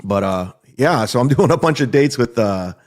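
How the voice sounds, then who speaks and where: A man's voice: medium pitch, expressive, moderate pace. A man who is a stand-up comedian talking in a casual monologue, boastful and defensive with plenty of swearing. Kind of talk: casual monologue on his own show.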